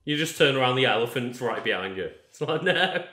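A man's voice: mid-range voice, fast talker. Easygoing man in an echoey room. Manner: relaxed, agreeable, laughs often. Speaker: let's play host. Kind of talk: casual gaming chat. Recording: roomy echo.

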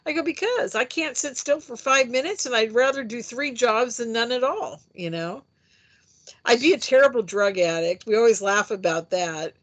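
A woman telling a personal story in a casual interview, animated and chatty, acting out the voices she quotes. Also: fairly high pitch, normal speed. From United States. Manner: chatty with frequent fillers. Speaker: interview guest, UFO experiencer.

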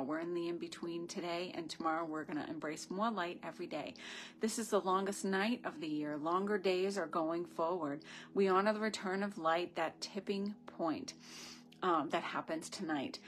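A woman leading a live-streamed ritual, talking to viewers through a phone camera. She is effusive and rambling, with gushing asides. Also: fairly low pitch. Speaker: spiritual ritual leader.

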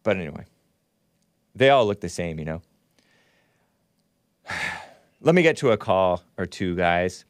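A man's voice: sits low, big pitch swings, unhurried, pauses often, no room sound, clean studio sound. A man hosting a casual livestream, rambling and laughing often as he reads comments and takes calls. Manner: rambling, laughs often, talks back to chat. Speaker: host.

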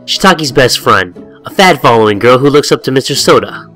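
A man narrating a horror game playthrough, his pitch bouncing all over as he cracks profane jokes and reads the on-screen text. His voice sits in a middle register, with faint game music under his talk. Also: a little fast. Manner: animated, jokey and profane, slipping into silly voices. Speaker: gaming video host. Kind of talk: let's-play commentary, reading game text aloud.

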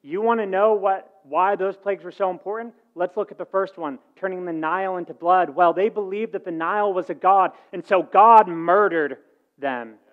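A man preaching a sermon, telling a story with lively acted-out dialogue and swings in loudness. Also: sits high, normal speed, phone-quality sound. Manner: animated storytelling, acting out dialogue with shifts in volume. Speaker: pastor.

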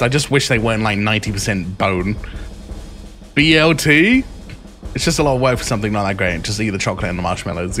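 A young man streaming live, reading items aloud and reacting with crude, joking remarks. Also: lowish voice. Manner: crude, joking, reacts loudly to each item.

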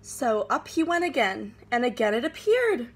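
A teacher reading a picture book aloud to her class with expressive, animated storytelling. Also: on the high side, normal speed, breathy edge.

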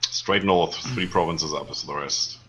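A man's voice: sits low, unhurried, fairly bright tone, breathy edge. A man with a Bavarian accent chatting and teasing his friend while playing a strategy game. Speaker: gamer. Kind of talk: casual gaming chat.

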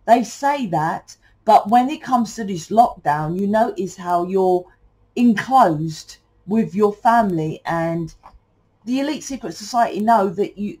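A British woman talks through a tarot reading in a loose, rambling way and swears casually as she goes. Her voice sits at a middle pitch for a woman, and her delivery is chatty and conversational. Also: mellow, slightly rough, rough recording. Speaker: tarot reader.

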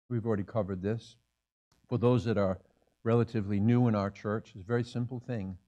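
A man's voice: lowish voice, steady tone, brisk, warm tone, lo-fi sound. A man in his sixties, a pastor preaching a sermon in a church, emphatic and repeating key phrases for effect. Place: church sanctuary.

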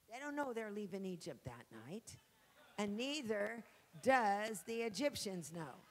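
A woman preaching a sermon with fervor, swinging from loud exhortation to soft acted asides. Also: mid-range voice, big pitch swings, a little slow, a little hiss or hum, rough recording. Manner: fervent, shifting between shouted exhortation and soft acted asides.

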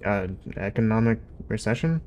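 A man's voice: fairly low pitch, animated, normal speed, darkish tone, highs cut off, a little hiss or hum, natural voice. A man voicing a flustered, awkward young human man who hesitates and apologizes.

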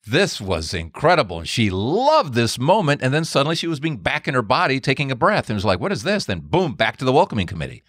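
Animated man telling a story. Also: fast talker, hardly any pauses, no echo, clean studio sound. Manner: animated, swings into high pitch for quoted voices. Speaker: podcast host. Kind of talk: storytelling monologue.

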